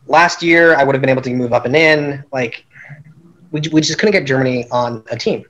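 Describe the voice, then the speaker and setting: A man's voice: mid-range voice, fairly quick, a bit bright, low-quality recording. A man casually recapping a strategy game he played, telling it animatedly and laughing at his own schemes.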